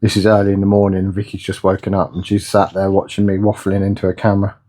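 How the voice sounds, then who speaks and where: A man's voice: low voice, monotone, fast talker, hardly any pauses, mellow. A man chatting casually in a home vlog, rambling and tripping over words. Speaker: vlogger. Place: indoors at home.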